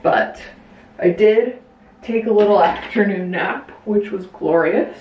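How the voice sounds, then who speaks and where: A woman's voice: medium pitch, takes it slowly, lo-fi sound, a little hiss or hum. A young woman vlogger reading out viewer messages in casual chat and responding with gushing encouragement.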